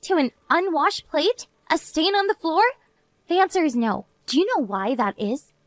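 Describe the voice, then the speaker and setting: A woman's voice: high-pitched, normal speed, dry recording. A woman voicing a worn-out young wife and mother who argues earnestly with her husband. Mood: pleading. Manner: earnest, pleading, then flat and resigned. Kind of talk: animated story narration.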